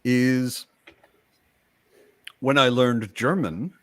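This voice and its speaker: A man's voice: mid-range voice, drawn-out words, dry recording. A man from the United States hosting a casual chat, talking in a wry, rambling way with asides. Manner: chatty, wry, trails off into asides. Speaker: podcast host.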